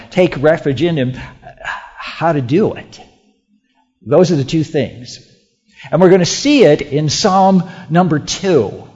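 A man preaching a sermon in a church, emphatic and repetitive, swinging between loud declarations and hushed asides. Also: a little high. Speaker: pastor. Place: church sanctuary. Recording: muffled, with long hall reverb.

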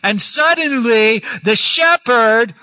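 Man, preacher, high bright voice, unhurried delivery, animated sermon, dry close sound. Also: no echo. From grew up on a farm. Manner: animated, swings pitch, acts out shepherd calls. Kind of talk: sermon on a scripture passage.

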